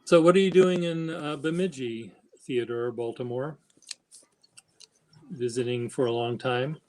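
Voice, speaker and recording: A man hosting a casual stream chat, speaking slowly and haltingly in a flat, even tone. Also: medium pitch, rough recording. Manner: slow, halting, self-described monotone. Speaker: stream host.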